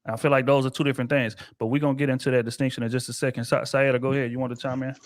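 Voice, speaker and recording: A man's voice: medium pitch, flat delivery, very fast, no echo, clean studio sound. A married man co-hosting a casual panel discussion, talking in a loose, rambling way with casual profanity. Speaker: podcast co-host.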